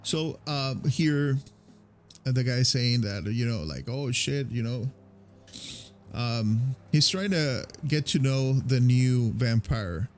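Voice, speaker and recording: Slow, rambling man commentating a game. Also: medium pitch, a little mellow, slight background noise. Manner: rambling, many fillers and restarts. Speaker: gamer commentating a playthrough. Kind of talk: casual gameplay commentary.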